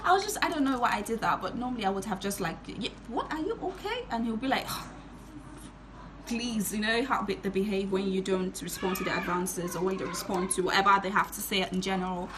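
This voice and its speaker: A young woman telling a story to her viewers in a casual vlog, giggling and animated as she talks. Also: medium pitch, brisk, background noise. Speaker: vlogger.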